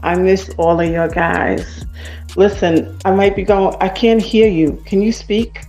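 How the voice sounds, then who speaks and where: A woman's voice: mid-range voice, fairly even intonation, measured pace, darkish tone, faint music behind. A woman calling in to a livestream, repeatedly asking whether she can be heard. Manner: unsure, repeating connection checks. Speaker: caller. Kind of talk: casual livestream call-in.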